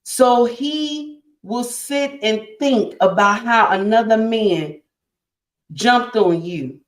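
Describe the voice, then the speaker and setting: A woman's voice: on the high side, slow pace, echoey room. A woman hosting a casual relationship talk to her live chat, emphatic and repetitive, calling listeners honey and my dear. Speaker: livestream host.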